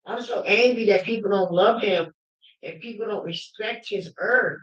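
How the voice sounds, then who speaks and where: A woman hosting a livestream, telling personal stories with emphatic fervor that at times rises to shouting. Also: medium pitch, moderate pace. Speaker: livestream host. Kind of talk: fervent personal storytelling. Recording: roomy, dull lo-fi livestream audio.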